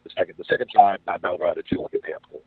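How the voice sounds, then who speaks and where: A man's voice: low voice, racing, slightly rough, no room sound. A man casually telling a rambling, profane story and acting out the quoted voices of the people in it. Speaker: podcast guest telling a story. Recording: dry phone-like sound.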